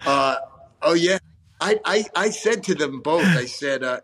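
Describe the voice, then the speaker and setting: A man's voice: on the high side, expressive, measured pace, fairly bright tone. A man, an actor guest talking casually in an interview, rambling with restarts and frequent swearing. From New York, USA.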